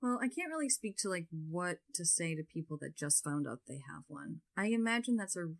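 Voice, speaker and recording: A woman talking as a podcast guest in casual conversation, filling her speech with "like" and growing lively as she tells stories. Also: lowish voice, a little fast, gravelly. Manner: chatty, filler-heavy, frequent "like"; grows loud and lively when telling stories.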